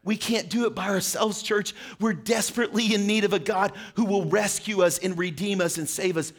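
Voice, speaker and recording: High-voiced earnest male preacher. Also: steady tone, a little fast. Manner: earnest, questioning, direct address. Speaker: pastor. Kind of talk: short sermon.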